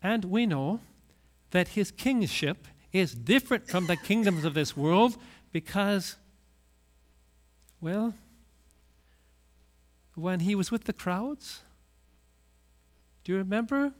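Animated, high-voiced male preacher. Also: takes it slowly, pauses often. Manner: storytelling, acts out quoted voices. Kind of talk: sermon.

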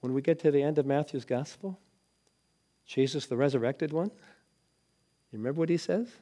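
A man preaching a sermon, telling a story dramatically and dropping from loud lines to hushed ones. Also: a little high, moderate pace, long pauses. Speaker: pastor.

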